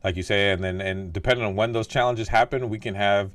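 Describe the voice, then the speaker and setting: Male podcast host: lower voice, dry close sound, casual and thoughtful. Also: steady tone, quick pace, a bit bright, dry recording. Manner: thoughtful, heavy use of "like" and "right?". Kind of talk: casual interview chat.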